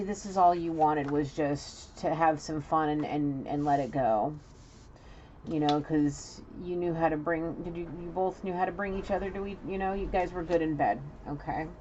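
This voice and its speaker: An intuitive reader from New York City, a woman with a low, husky, dark voice, speaks bluntly to someone who isn't there. Her reading is scolding and frank, and she keeps restarting her sentences. The dull lo-fi recording carries a faint hiss.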